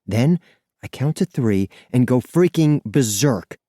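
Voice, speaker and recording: A man narrating an audiobook in the first person, expressive and lively in his storytelling. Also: mid-range voice, slow pace, no room sound, clean studio sound.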